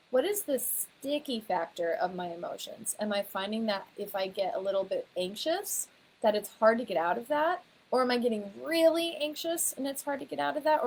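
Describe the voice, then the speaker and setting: A naturopathic doctor, a woman, talks to the camera in a gentle, reflective way and leads with one guiding question after another. Her voice sits at an ordinary middle pitch. A faint hiss runs under the recording. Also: poor audio. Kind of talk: teaching to camera.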